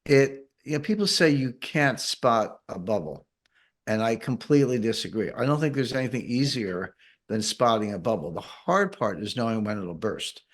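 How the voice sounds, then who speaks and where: A man's voice: mid-range voice, sing-song, normal speed. A man explaining economics in an interview, patient and methodical, with dry sarcastic asides. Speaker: guest economic commentator. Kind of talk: interview answers.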